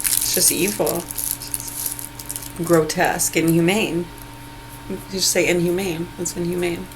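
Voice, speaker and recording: Woman, fairly low voice, furious profane rant, sarcastic and mocking, phone video, faint background hum. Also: steady tone, measured pace. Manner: mocking, with bursts of laughter. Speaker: vlogger. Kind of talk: ranting vlog monologue. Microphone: phone video recording.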